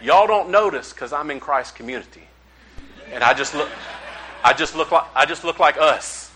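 A male pastor delivers a sermon in a folksy, animated storytelling manner. His voice is bright and forceful and sits a little high for a man. He slips into the voices of the people in his stories as he tells them. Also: normal speed, slight background noise, poor audio.

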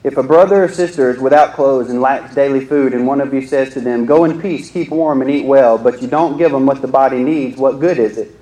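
A man's voice: medium pitch, brisk, few pauses, dark tone, echoey room, poor audio. A young man preaching a sermon in a joking, conversational way, often asking the crowd questions.

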